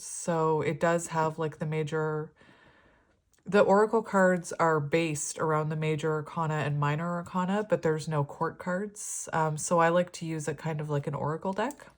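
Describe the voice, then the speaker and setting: A woman giving a casual, rambling tarot reading, chatting warmly and laughing often. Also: deep voice. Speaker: tarot reader.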